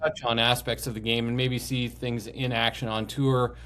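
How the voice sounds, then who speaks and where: A man's voice: medium pitch, level tone, moderate pace, fairly bright tone, slight background noise. A man co-hosting a podcast, chatting casually in a thoughtful, somewhat hesitant way. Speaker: podcast co-host. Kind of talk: casual chat.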